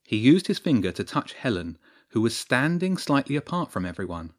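A man narrating a story in a steady storytelling voice. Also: mid-range voice, normal speed. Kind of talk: scripted narration.

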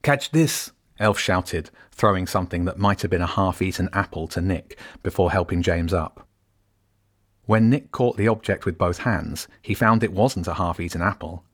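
A man narrating a storybook in a steady, measured reading voice. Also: deep voice.

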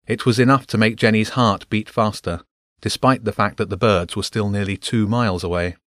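Low-voiced male audiobook narrator. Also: fairly even intonation, fairly quick, a bit bright, dry recording, clean studio sound.

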